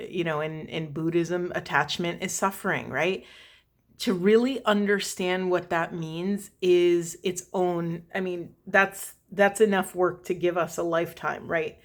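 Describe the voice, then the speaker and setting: A woman spiritual coach talking casually to her viewers, earnest and rambling, often checking in with asides. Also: on the low side. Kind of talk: casual spiritual talk to camera.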